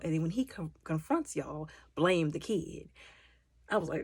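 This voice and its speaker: A woman giving a casual movie recap, animated and exasperated, acting out characters' lines as she goes. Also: mid-range voice, normal speed, slightly rough, no room sound, clean studio sound. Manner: exasperated, mocking commentary. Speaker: movie reviewer.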